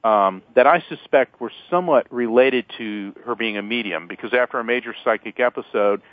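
A man spins animated stories as an interview guest, chuckling along the way. His voice is thin and phone-like, and the sound is dry. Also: medium pitch, brisk, no room sound. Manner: animated anecdotes, chuckling often. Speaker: guest, lawyer and psychic author. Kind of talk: storytelling interview talk.

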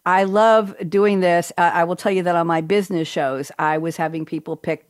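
A middle-aged woman hosting a talk show, chatty and playful, with lively asides. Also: fairly low pitch, normal speed, no room sound, studio quality. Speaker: host.

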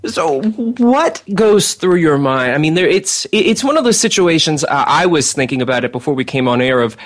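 A man's voice: fairly high pitch, very animated, normal speed. A man hosting a radio interview, asking long, winding questions in a chatty way. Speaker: interviewer host.

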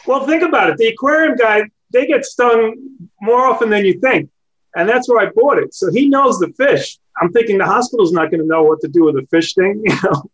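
A man with a high voice phones in to chat with a host. He tells his story loosely and keeps correcting himself partway through his sentences. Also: brisk, muffled recording. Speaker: caller.

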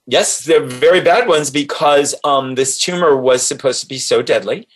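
A man speaks as an interview guest, recounting his own experience with rising excitement. His voice sits at an ordinary middle pitch, and the telling is lively and eager. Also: normal speed. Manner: animated, excited storyteller. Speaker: guest, author. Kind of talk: personal storytelling.

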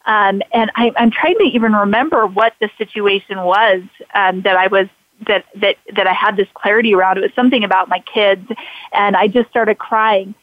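A woman's voice: mid-range voice, moderate pace. A woman hosts a conversational interview, telling a personal story in a rambling way with many fillers and restarts. Her voice comes through slightly muffled and lo-fi, with a dry, close sound and no room echo. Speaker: podcast host.

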